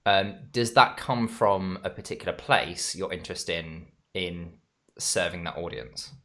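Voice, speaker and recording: A man's voice: deep voice, fairly even intonation, a little slow, fairly bright tone. A man hosting a livestream conversation, friendly and hesitant with plenty of ums. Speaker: stream host, interviewer. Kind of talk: casual conversation.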